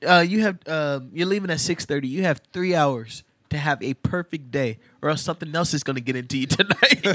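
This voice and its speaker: Young guy on a podcast, animated storyteller, a bit high, dry mic. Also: brisk, few pauses, dry recording. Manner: animated storyteller, acts out quotes loudly. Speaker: podcast co-host. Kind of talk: casual chat, storytelling.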